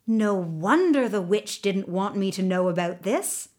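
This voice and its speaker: A woman's voice: mid-range voice, animated, measured pace, a little mellow. A woman voicing a nervous, eager young boy hero in a storybook reading. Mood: worried.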